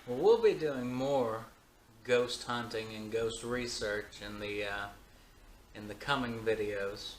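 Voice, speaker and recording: A man co-hosting a casual chat, laid-back and agreeable, musing slowly, in a room of an old house. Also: mid-range voice, a little hiss or hum. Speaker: co-host, band member. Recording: echoey room, faint ambience.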